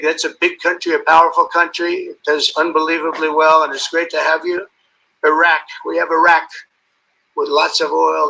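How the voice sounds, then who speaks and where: Gravelly bright-voiced man rambling off the cuff. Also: on the high side, poor audio. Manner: rambling, ad-libbing, calling out guests by name; boastful, praising superlatives. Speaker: head of state addressing assembled leaders. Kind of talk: off-the-cuff ceremonial speech.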